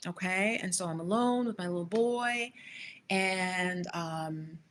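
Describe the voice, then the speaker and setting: A woman's voice: on the low side, slow pace, a bit bright, slight background noise. A woman coaching viewers on a live stream, telling a personal story with frequent direct asides to them. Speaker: spiritual manifestation coach hosting a live stream.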